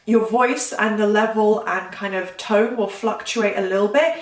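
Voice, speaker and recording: A woman's voice: mid-range voice, steady tone, moderate pace, far from the mic. Chatty woman coach in a roomy space. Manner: rambling, self-correcting, chatty. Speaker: manifestation coach. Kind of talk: casual talking-head advice.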